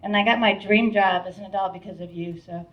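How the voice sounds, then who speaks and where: A woman's voice: medium pitch, steady tone, fairly quick. A middle-aged woman chairing a board, giving a heartfelt, rambling thank-you speech at an event with many restarts. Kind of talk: emotional, grateful event speech. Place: event hall with an audience. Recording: distant, dull-sounding mic at a live event.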